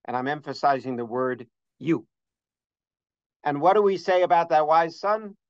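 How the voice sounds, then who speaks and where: A man's voice: a little high, fairly even intonation, moderate pace, clean tone, no echo. Earnest scholarly man, dull dry recording. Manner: earnest, cites sources in detail, frequent uhs. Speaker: religious teacher. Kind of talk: scholarly holiday lesson.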